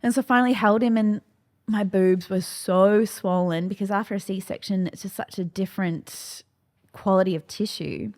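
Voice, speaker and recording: A woman's voice: mid-range voice, steady tone, normal speed, darkish tone. A woman, a podcast guest, telling a candid and emotional personal story and acting out the voices of the people in it. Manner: emotional, acts out quoted dialogue. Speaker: podcast guest, clinical nutritionist.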